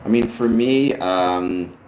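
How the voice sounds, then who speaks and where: Slow and lowish, with a somewhat dark tone, a Canadian man chats casually on his livestream, wandering a little as he talks with his father. The room echoes noticeably, and faint background noise lingers.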